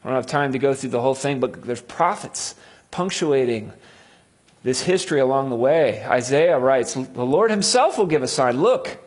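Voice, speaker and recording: A man preaching a sermon, quoting scripture with dramatic swings from loud cries to hushed tones. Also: medium pitch, lively intonation, normal speed, husky.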